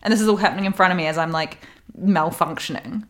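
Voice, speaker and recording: A woman's voice: on the low side, quick pace, fairly bright tone. A young woman in casual chat, telling a story animatedly and acting out the quotes.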